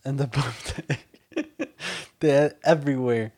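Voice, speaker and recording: A man's voice: medium pitch, fairly even intonation, a little slow, a little mellow. A young man co-hosting a podcast in casual chat, teasing his partner, asking lots of questions and mixing in some Spanish. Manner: teasing, asks many questions, mixes in Spanish. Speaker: podcast co-host.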